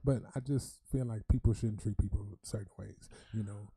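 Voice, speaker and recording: A low, husky man chats casually into a dry studio mic. His tone is dark and mellow, and he talks in emotional bursts, going loud and animated when he tells a story. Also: moderate pace, dry recording. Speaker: podcast co-host. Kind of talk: casual podcast chat. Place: podcast studio.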